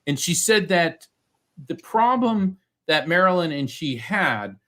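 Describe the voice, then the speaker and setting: A man's voice: a little high, slow. A man guesting on an interview podcast as a psychic medium, telling stories and acting out what others said. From United States. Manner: animated storyteller, acts out quoted voices. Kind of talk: storytelling interview.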